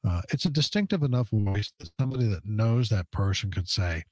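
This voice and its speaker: Middle-aged cop spokesman guy on the radio, lowish voice, earnest, lots of uhs, dry close sound. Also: lively intonation, brisk, a little mellow, no echo. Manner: earnest, explanatory, many "uh" fillers. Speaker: police public information officer. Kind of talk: radio interview guest.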